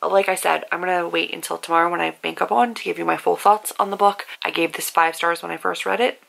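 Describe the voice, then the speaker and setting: Chatty young woman with a bright voice. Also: on the low side, steady tone, gravelly. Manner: emotional, talks through tears and laughter about the book; chatty, fast filler-heavy talk. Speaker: book vlogger. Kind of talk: casual book review vlog with read-aloud passages.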